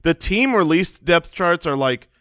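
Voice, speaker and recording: A man co-hosting a fantasy football podcast, talking in joking, animated banter. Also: a little high, unhurried, clear, resonant tone, no room sound, studio quality. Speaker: podcast co-host. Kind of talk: casual sports chat.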